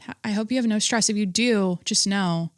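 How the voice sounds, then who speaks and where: A woman's voice: medium pitch, normal speed, dry recording. Woman, podcast host, rambling solo chat, frequent laughs, self-interrupting, dry close recording.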